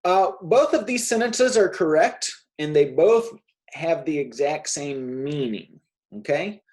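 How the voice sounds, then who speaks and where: Lively, patient male English teacher. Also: on the high side, unhurried. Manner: patient, animated, checks in with "okay?" often. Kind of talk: one-on-one grammar lesson.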